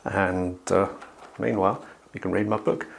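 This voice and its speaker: A man who teaches the Alexander Technique, explaining it to camera in a casual, thinking-aloud way with pauses and restarts, and acting out inner voices in a livelier, higher tone. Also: creaky, a little hiss or hum. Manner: acts out inner voices with raised, lively pitch. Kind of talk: casual instructional monologue to camera.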